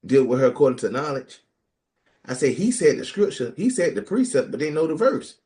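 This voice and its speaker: Man, lively swooping pitch, jokey, casual podcast co-host. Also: a little fast. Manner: animated, jokey, mimics people in quoted voices. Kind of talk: casual group talk on scripture.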